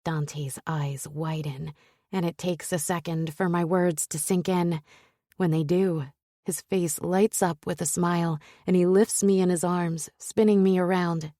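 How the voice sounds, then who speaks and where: A woman narrating a romance audiobook in a soft, intimate and breathy voice. She has a low pitch and an unhurried pace, and the close, dry studio sound puts her right at the listener's ear. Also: fairly even intonation, no room sound.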